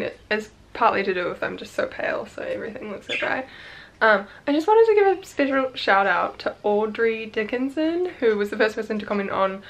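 A woman's voice: mid-range voice, a bit bright. A young woman vlogging casually to camera, chatty and bubbly, full of "like" fillers and giggles. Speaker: vlogger launching a business. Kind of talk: casual vlog talk to camera.

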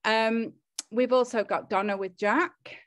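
A woman's voice: a little high, steady tone, measured pace. An English woman hosting a casual chat show, chatty and hesitant with fillers. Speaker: host.

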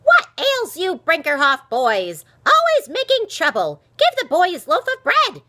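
A woman reading aloud, voicing a sharp-tongued, bent little old woman who scolds loudly. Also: very high-pitched, wildly swooping pitch, unhurried, pitched above the performer's own voice, heavily acted. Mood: scolding.

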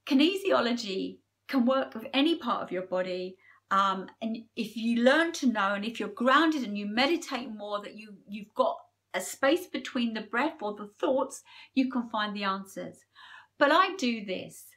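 A woman giving a personal numerology forecast to camera, talking earnestly and openly emotional, with pauses. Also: fairly high pitch, expressive, a bit bright. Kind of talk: personal spiritual talk to camera.

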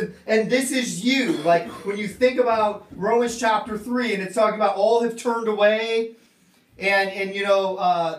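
A man's voice: sits high, fairly bright tone, roomy sound, recorded from a distance. A man preaching a sermon in an earnest way, often repeating and restarting his words. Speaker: pastor. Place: church gathering room.

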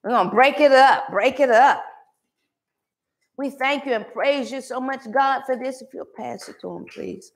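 A woman with a high voice preaches a sermon in a church. She swings between loud calls and quiet asides, pulling the congregation into call-and-response. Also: moderate pace. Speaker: pastor. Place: church sanctuary.

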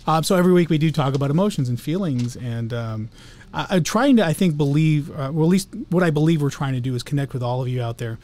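A man co-hosting a casual talk show, speaking in a calm, serene announcer voice that wanders off with many restarts. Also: fairly high pitch, fast. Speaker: co-host. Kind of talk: casual chat. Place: studio.

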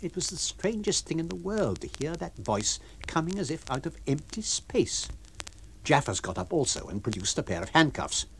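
A man reading a novel aloud for radio, with an expressive, varied storytelling delivery. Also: fairly high pitch, normal speed, vocal fry, a little hiss or hum. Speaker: reader.

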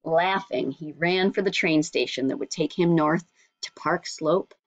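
A woman narrating an audiobook in a measured storytelling manner. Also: low-pitched, no echo, highs cut off.

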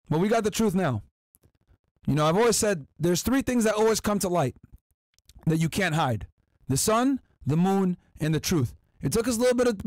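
High-voiced, combative podcast host man. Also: no room sound, studio quality. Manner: emphatic, combative, profane. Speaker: podcast host reading viewer chats. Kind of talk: casual podcast chat.

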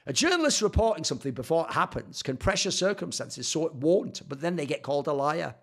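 A man in a sarcastic, profane commentary on old tweets, swinging between loud outbursts and low mutters. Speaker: esports commentator and YouTuber.

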